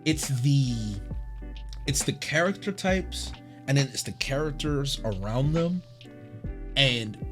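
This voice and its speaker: A man hosting a casual podcast chat, animated and emphatic, swinging between hushed and shouting. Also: mid-range voice. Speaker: podcast host.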